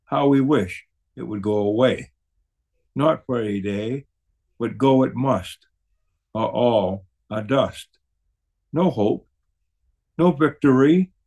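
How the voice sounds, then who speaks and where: A man reciting a poem in a grave, measured, deliberate way. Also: mid-range voice, darkish tone. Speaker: poetry reader. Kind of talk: slow solemn poetry recitation.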